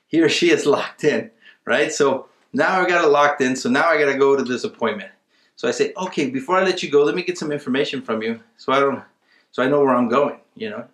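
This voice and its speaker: Fairly quick and a bit bright, this medium-pitched male voice belongs to a real estate investing instructor in a casual webinar. Speaking conversationally and with emphasis, he acts out exchanges with sellers, and the sound is reverberant.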